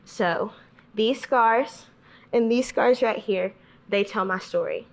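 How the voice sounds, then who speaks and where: A woman's voice: a little high, slow pace. A young adult woman giving a personal testimony at a church fellowship meeting. She tells her story earnestly and casually, acting out what people said along the way. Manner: earnest storytelling, re-enacting others' words in quotes; casual speech with frequent "um" and "I was like". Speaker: testimony speaker.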